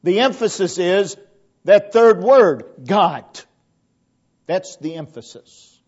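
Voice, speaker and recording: Emphatic high-voiced male preacher, slow. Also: highs cut off. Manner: emphatic, deliberate, repeating key phrases. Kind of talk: sermon.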